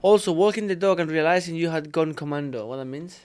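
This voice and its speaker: A man's voice: a little high, fast, a little mellow, clear, resonant tone. A man co-hosting a podcast, an English speaker who gives short dry replies and sometimes searches for words. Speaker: podcast co-host. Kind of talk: casual chat.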